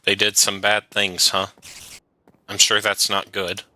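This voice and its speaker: Bright-voiced man chatting on a game stream. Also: fairly low pitch, completely flat delivery, a little slow, no room sound. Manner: chatty, reacts to the game and viewer questions. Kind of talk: live gaming stream chat.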